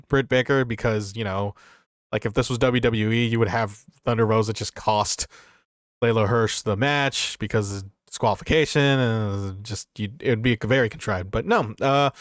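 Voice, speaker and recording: A man's voice: medium pitch, dry recording, studio quality. A man co-hosting a wrestling review podcast, recapping matches in a rambling, profane, casual way. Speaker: podcast co-host.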